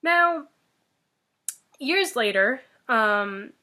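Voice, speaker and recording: A woman's voice: fairly high pitch, animated, very slow, sharp tone. A woman casually retelling a fairy tale, joking and chatty with plenty of filler words. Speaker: storyteller.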